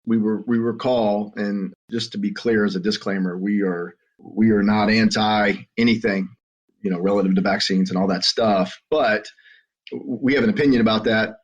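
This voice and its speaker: A middle-aged Southern American man with a somewhat low voice tells his story as a podcast guest. He talks earnestly and haltingly, often restarting his sentences. The audio is muffled and lo-fi. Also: steady tone. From Southern United States. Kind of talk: conversational storytelling.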